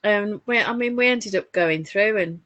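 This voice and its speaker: A woman's voice: mid-range voice, moderate pace, dry recording, muffled recording. A woman with a Northern English accent, co-hosting a casual crafting chat and telling family stories. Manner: chatty, warm anecdotes with frequent laughs. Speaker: podcast co-host.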